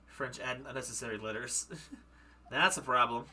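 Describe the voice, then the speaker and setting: A man streaming a live game playthrough, reacting excitably in loud bursts between reading lines aloud. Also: mid-range voice, normal speed, poor audio.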